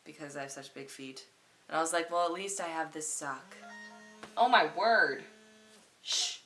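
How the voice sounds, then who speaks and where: A young woman vlogging to her webcam at home, hoarse from a cold, telling a rambling comic story in an animated, self-mocking way that swings between loud and quiet. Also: low-pitched, moderate pace, soft background music.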